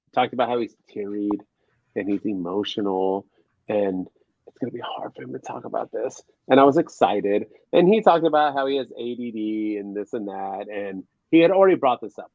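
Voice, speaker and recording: An excitable male podcast co-host chatting casually and firing off question after question. His voice sits at an ordinary middle pitch. The recording is dry and muffled, with little room sound. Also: dry recording. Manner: excitable, rapid-fire questions, says "baby" often. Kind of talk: casual chat. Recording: dull lo-fi sound.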